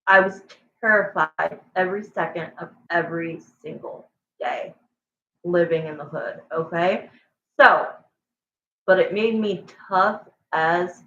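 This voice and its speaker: Chatty woman tarot reader, slow and echoey. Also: lowish voice, sharp tone. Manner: chatty, emphatic and affectionate, with frequent "like" and "you know". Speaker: tarot reader hosting a livestream. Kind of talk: casual livestream chat with viewers. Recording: echoey room, dull lo-fi sound.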